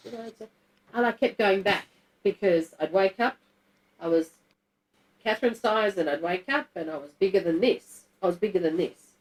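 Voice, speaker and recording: A middle-aged woman shares a personal story with a small group, speaking at an ordinary pitch. Her telling is candid and blunt, with emotion close to the surface and swearing dropped in freely. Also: moderate pace, poor audio.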